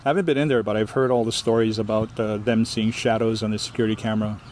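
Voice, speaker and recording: A man from Hawaii with a Hawaiian accent, telling a ghost story as a guest storyteller in a lively, animated way. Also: on the low side, fast talker, slight background noise. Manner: lively, animated, acts out the voices. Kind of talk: oral storytelling in an interview.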